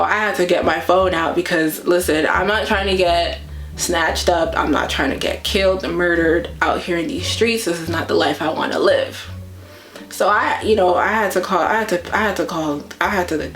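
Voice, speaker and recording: Woman vlogger telling an animated story. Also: fairly low pitch, echoey room. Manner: animated retelling that acts out her own reactions. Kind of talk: casual storytime.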